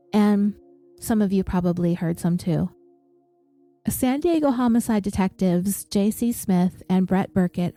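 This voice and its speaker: A woman hosting a podcast, telling a true crime story in a steady, measured way. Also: mid-range voice. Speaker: podcast host.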